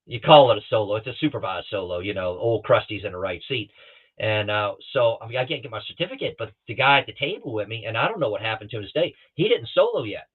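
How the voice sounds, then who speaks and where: A man's voice: fairly low pitch, expressive, quick pace, breathy edge. A middle-aged man, a guest pilot, tells stories casually and acts out other people's lines, heard over a video call. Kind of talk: casual storytelling. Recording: tinny phone-like call audio.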